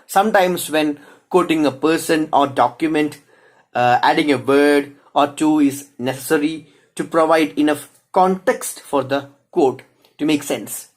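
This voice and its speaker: Man explaining punctuation, slightly high voice. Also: low-quality recording. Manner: reads example sentences aloud, speaking punctuation marks; halting, with small restarts. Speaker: teacher. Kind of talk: explanatory lecture.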